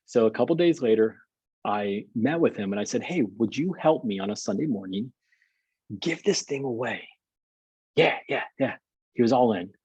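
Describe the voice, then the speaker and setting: Male pastor, storytelling, repeats himself. Husky, mellow tone, muffled dry call audio. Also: mid-range voice, animated, normal speed, no echo. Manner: rambling, repeats words and restarts. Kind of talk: storytelling in a video call interview.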